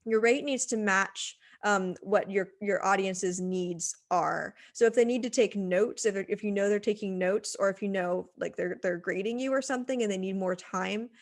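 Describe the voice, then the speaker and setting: A woman's voice: mid-range voice, normal speed, few pauses. A woman teaching presentation skills in a recorded lecture, conversational, with frequent fillers and restarts, speaking into a computer microphone. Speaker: writing center instructor.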